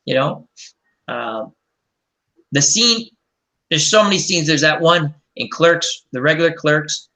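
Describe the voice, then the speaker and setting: A man's voice: fairly high pitch, takes it slowly, pauses often, bright, forceful tone. A man hosting a casual online group chat, talking enthusiastically and rambling with many restarts. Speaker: host of an online chat show.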